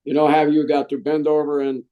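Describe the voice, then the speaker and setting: Middle-aged man, veteran interviewee, jokey storyteller, slightly high voice. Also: normal speed, dull audio. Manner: animated, jokey, says "man" often.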